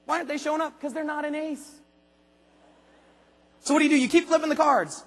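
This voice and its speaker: A man giving an animated motivational speech to a large convention crowd, asking the audience rhetorical questions and acting out voices. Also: very high voice, quick pace, creaky, big-room sound. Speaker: motivational speaker at a sales convention. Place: large arena convention hall.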